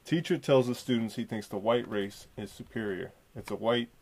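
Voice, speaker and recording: Guy rambling on his podcast, cussing a lot, slangy, gravelly voice, mid pitch. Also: normal speed, darkish tone. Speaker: podcast host. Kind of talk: solo casual podcast commentary.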